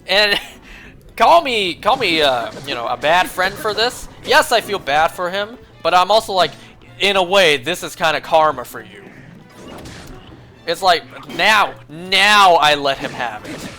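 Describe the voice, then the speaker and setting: A man's voice: high voice, expressive, a little slow, bright, forceful tone, soft background music. A young man streaming a game, telling a rambling, profane story in casual chat, full of fillers. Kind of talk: casual chat while gaming.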